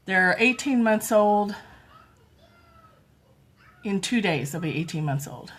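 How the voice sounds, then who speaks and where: A woman's voice: medium pitch, animated, takes it slowly. Chatty woman on a phone livestream. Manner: chatty, soft, coos to toddlers. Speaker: livestream host. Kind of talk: casual livestream chat. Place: home with toddlers.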